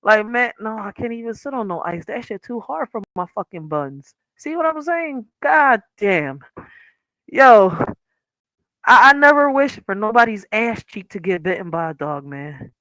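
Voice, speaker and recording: A woman chats on her livestream from a chair at home, spinning an animated, profane story and laughing through it. Her voice is bright and slightly high. The sound is dry and close, with no room echo. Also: unhurried. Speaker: livestream host. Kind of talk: casual livestream chat. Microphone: wearing headphones.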